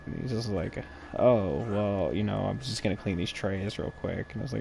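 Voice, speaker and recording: A man's voice: lowish voice, brisk, gravelly, warm tone, a little hiss or hum. A man streaming a game while chatting, telling a long, rambling, profane story in an exasperated, casual way.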